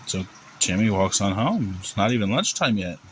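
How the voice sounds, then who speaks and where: A man with a fairly low voice tells a long joke in a casual, rambling way. He talks conversationally, with faint background hum. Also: animated, normal speed, low-quality recording. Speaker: joke teller.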